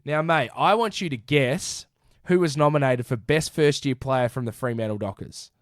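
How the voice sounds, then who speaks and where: A man with an Australian accent co-hosting a casual sports podcast, reading off stats in an animated way and calling his co-host mate. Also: medium pitch, normal speed, no room sound, studio quality. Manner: animated, rattles off stats, says mate a lot.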